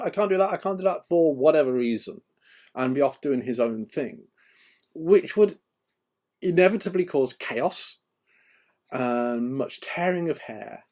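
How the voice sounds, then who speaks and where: A man's voice: medium pitch, a little mellow. A man, an author, chatting casually and rambling with frequent ums and restarts. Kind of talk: casual chat.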